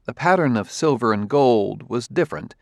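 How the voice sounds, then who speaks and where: A man narrating an audiobook in an even, unhurried way. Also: mid-range voice, gravelly, dry recording, studio quality.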